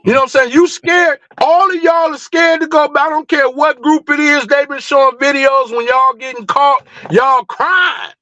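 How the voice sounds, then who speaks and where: Fired-up high-voiced man ranting. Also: moderate pace, hardly any pauses, pushed and bright, lo-fi sound. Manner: fired-up, blunt, profane, rhetorical questions. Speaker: livestream host. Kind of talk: heated livestream rant.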